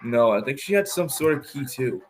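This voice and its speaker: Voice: mid-range voice, expressive, normal speed, natural voice. A player voicing a defensive male echidna sheriff in a mock cowboy drawl, reading game dialogue with faint music behind. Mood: earnest. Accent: put-on cowboy drawl.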